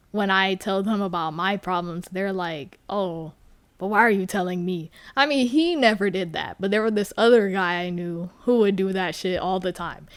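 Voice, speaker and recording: A young woman hosts her own podcast alone, talking at an unhurried pace. Her voice sits at a middle pitch. She rambles frankly from one thought to the next and swears freely. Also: smooth, dry recording. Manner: slow, rambling and frank, with much cursing. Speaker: podcast host. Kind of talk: casual solo chat.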